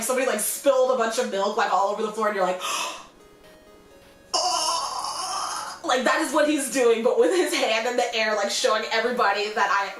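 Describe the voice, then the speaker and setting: A young woman vlogger telling a story casually and animatedly, acting out quotes in high squeals. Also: a bit bright. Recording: echoey room.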